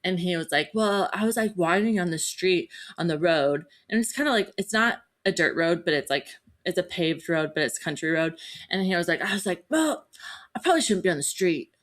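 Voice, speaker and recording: Speaking a little fast in a fairly low voice, this thirty-something woman hosts a podcast and spins a story in relaxed conversation. She's lively as she goes, performing the quoted lines in the characters' voices.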